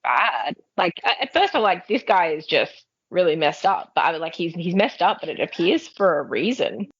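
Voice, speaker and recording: A woman's voice: on the low side, big pitch swings, moderate pace, husky, dry recording. A woman on a casual book discussion podcast, thinking aloud and hedging with "like". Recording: dull, muffled audio.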